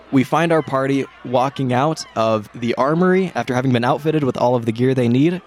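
A man narrating as game master in a tabletop game, with an ordinary middle pitch. His delivery is steady and descriptive.

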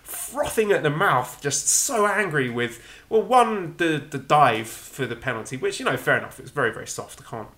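A man's voice: a little high, sing-song, normal speed, hardly any pauses, bright, forceful tone. An English man co-hosting a podcast in casual chat, chatty and self-deprecating, restarting his sentences often. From England. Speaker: podcast co-host.

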